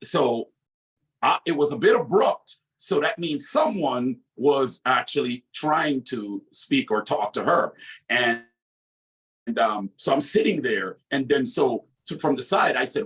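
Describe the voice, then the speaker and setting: A man's voice: medium pitch, animated, moderate pace, a bit bright, distant mic. A man with a West Indian accent, a guest telling a personal story in an open, conversational way. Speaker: interview guest. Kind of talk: candid anecdotal storytelling.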